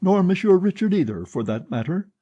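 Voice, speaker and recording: A man's voice: high voice, sing-song, fairly quick, dark tone, breathy edge, muffled recording, voice pushed up, heavily acted. A man voicing an indignant old woman box-keeper in an audiobook, shrieking with outrage. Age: older. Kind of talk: audiobook character voice.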